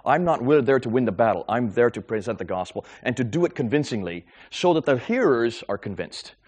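A middle-aged man lectures fast to a live group, his voice swooping up and down as he tells stories. He talks in an animated way, with quick restarts and repetitions. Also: mid-range voice. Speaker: Christian speaker taking audience questions. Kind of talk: lecture with audience Q&A.

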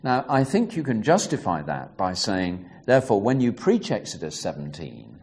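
Lively, low-voiced man teaching scripture. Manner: measured, explanatory, reads passages aloud with emphasis. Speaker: Bible teacher. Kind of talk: teaching talk on interpreting scripture.

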